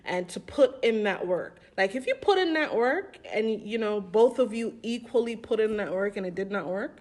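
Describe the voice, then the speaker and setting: A woman on a podcast, telling personal stories in a casual, animated way and acting out what people said. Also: mid-range voice, normal speed. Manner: animated storytelling, acting out quoted voices with laughs. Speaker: podcast co-host.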